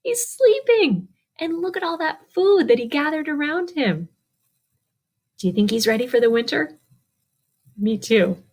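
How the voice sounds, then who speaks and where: A woman's voice: sits high, expressive, moderate pace, pauses often. Sing-song woman reading a storybook. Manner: sing-song, asks children questions and answers for them. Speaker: children's librarian. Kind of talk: storytime read-aloud for young children.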